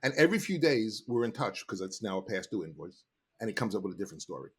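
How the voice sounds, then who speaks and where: Animated, expressive middle-aged man. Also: on the low side, fast, slightly rough. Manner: animated storytelling, emphatic. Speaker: sales trainer, podcast guest. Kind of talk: casual interview talk.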